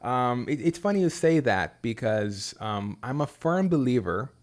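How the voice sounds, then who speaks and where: A man's voice: mid-range voice, animated, measured pace. Thoughtful man, full of ums. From Brazil. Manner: thoughtful, hesitant with frequent ums. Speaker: podcast guest, English teacher. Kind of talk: casual interview chat.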